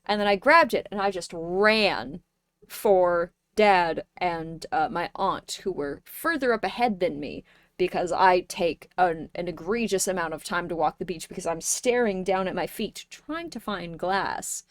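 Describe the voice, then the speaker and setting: A young woman streamer chatting casually with her viewers, playful and joking, with sudden loud bursts. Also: on the low side, unhurried, no echo, clean studio sound. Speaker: live streamer.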